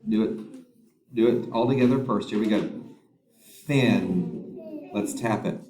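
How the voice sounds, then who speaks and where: A man with a lowish, dark voice teaches young children phonics. He slowly sounds out letters and words and offers patient prompts.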